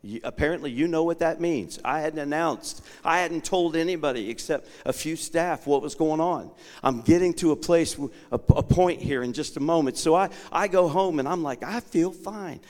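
A man's voice: a little high, normal speed, few pauses. Preaching man in a reverberant sanctuary. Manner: dramatic storytelling, acting out dialogue; swings from quiet asides to shouted proclamation. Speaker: guest bishop preaching. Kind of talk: sermon. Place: church sanctuary. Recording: long reverb of a large sanctuary.

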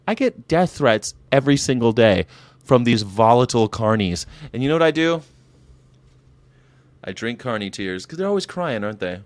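A man from the United States hosting a casual vegan livestream, animated, laughing often and reading chat aloud. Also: mid-range voice, moderate pace, dry recording. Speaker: host of a daily vegan show.

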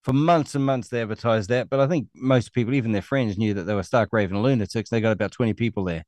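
A man's voice: fairly low pitch, quick pace, darkish tone, no echo. A middle-aged man with a New Zealand accent hosts an online show, ranting angrily and scornfully with a lot of swearing. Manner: angry, scornful, profane ranting. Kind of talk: ranting monologue.

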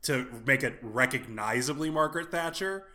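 A man's voice: mid-range voice, lively intonation, normal speed, bright, forceful tone. A man co-hosting a podcast, talking in a rambling, casual way, restarting his sentences and swearing offhandedly. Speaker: podcast co-host.

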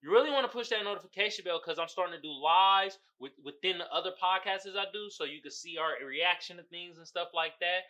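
A man hosting a casual solo podcast, talking loudly and profanely, often laughing and shouting exclamations. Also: high voice, a little fast, few pauses. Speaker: podcast host.

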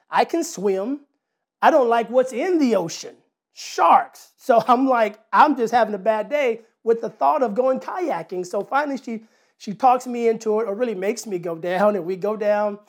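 A man's voice: extremely high pitch, animated, normal speed. A man preaching a sermon, talking in a conversational way with rhetorical questions, repeated words and a personal story.

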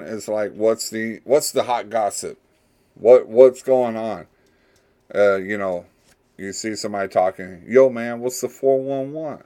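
A male podcast host talks in a slow, slightly low voice. He rambles through a casual monologue with loose, unhurried phrasing. Every so often he breaks into loud, playful put-on slang voices.

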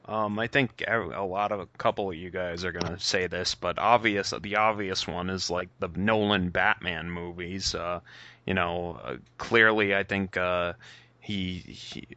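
A man's voice: low voice, fairly even intonation, measured pace, bright, forceful tone, no room sound, lo-fi sound. A man on a casual podcast who hesitates and thinks aloud as he answers. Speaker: podcast guest.

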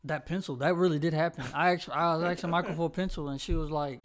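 A young man from North Carolina co-hosting a casual podcast chat, telling animated, slangy stories and acting out voices. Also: on the high side, quick pace, few pauses. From Charlotte, North Carolina. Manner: slangy, profane. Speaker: podcast co-host.

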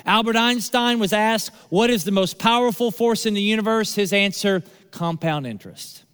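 Male pastor, high voice, preaching with repetition and pauses, long hall reverb. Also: steady tone, a bit bright, clear, resonant tone. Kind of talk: sermon.

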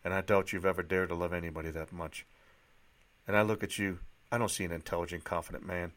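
A man voicing a world-weary middle-aged male psychiatrist with a put-on Boston accent, delivering an earnest, measured monologue. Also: low voice, steady tone, fairly bright tone.

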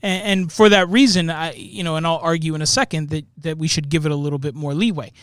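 A man with a notably high speaking voice talks through a film review in loose, rambling chat. He keeps checking in with "right?" as he goes. The sound is dry and close, with no room around it. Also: steady tone, fast, no room sound. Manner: rambling, tags points with "right?". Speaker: podcast co-host. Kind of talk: casual movie review chat.

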